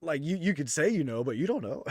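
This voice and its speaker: A man hosting a casual wrestling review chat, relaxed and agreeable, often laughing along. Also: fairly high pitch, fast talker, slightly rough, no room sound, clean studio sound. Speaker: podcast host.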